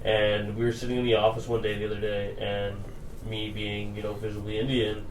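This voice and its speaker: An easygoing young man from Canada chats and tells stories in a relaxed, friendly way. He sits back from the mic, so his voice carries a roomy echo with a faint hiss. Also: on the low side, brisk, recorded from a distance. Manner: easygoing, chatty storyteller. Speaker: bar manager, patient. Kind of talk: casual chat.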